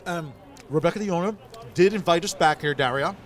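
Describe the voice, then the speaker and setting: A man's voice: a little high, brisk. A man hosting a food vlog outdoors on city streets, upbeat and teasing his co-host as they taste slices.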